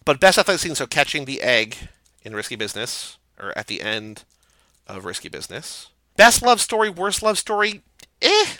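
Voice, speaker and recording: Bright-voiced, animated male podcast host. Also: a little high, no room sound, poor audio. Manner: animated, quick restarts, laughs easily. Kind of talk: casual chat.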